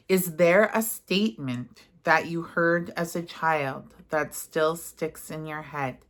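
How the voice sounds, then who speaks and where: Woman reading affirmations real slow and gentle, kinda low voice, loosens up w/ ums when she goes off script. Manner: gentle and unhurried, slipping into casual fillers when speaking freely. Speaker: self-help guide. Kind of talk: guided affirmation session, partly read aloud.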